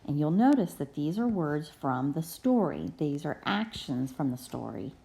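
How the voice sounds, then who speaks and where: A woman's voice: deep voice, sing-song, normal speed, gravelly, mellow. A woman teacher giving a reading lesson to young children, patiently spelling words out letter by letter.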